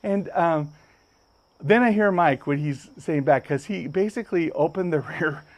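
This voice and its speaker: A man hosting a podcast, telling a story with lots of energy and jumping up high when he acts out other people's lines. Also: normal speed, darkish tone. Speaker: podcast host. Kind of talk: animated storytelling. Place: podcast studio.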